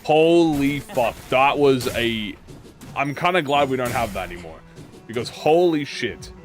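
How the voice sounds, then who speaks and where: A man streams a game and chats loosely with his viewers, cursing often and making fun of himself. His pitch swings widely, landing on a middle-height voice, while quiet music plays in the background. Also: lively intonation, measured pace. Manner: swears freely, rambling and self-mocking. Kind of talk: casual live-stream game commentary to chat.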